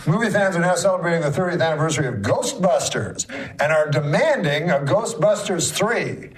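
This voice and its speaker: A man hosting a comedy talk show, telling jokes in a dry, halting way and laughing often. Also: fairly high pitch, animated, slight background noise. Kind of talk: casual comedic banter.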